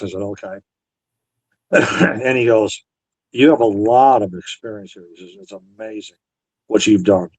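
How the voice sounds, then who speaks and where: A man's voice: on the low side, a little mellow, dry recording, rough recording. A Navy veteran man in an interview, earnestly retelling past conversations and quoting both sides. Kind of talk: storytelling interview.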